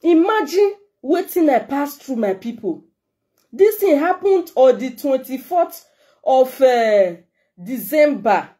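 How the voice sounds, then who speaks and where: Nigerian lady vlogging straight to camera, heartfelt and pleading, warm mellow voice sitting a bit high. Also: sing-song, takes it slowly. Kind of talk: emotional direct-to-camera message.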